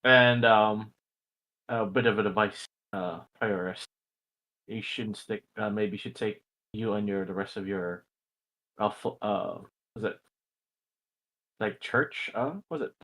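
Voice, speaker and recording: A man's voice: lowish voice, a bit bright. A man playing a brash, fumbling adventurer woman. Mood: wary. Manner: halting, fumbling for words.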